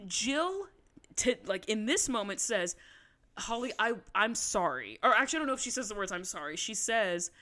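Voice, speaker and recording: Bright, lively woman podcast co-host. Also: medium pitch, normal speed. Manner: animated, swearing, acts out quotes in voices. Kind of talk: casual recap chat.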